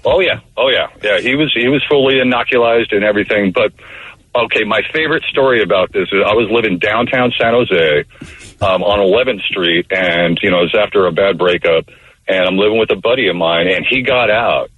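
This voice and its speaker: A man's voice: on the low side, fairly quick, dry recording, narrow, tinny audio. A man telling a long story as a guest on a casual radio chat, rambling with fillers and restarts.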